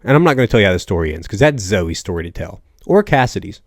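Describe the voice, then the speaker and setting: A man's voice: fairly low pitch, sing-song, fast talker, dry recording, clean studio sound. A young man from the American South hosting a casual solo podcast, rambling and joking through stories with lots of asides. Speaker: podcast host.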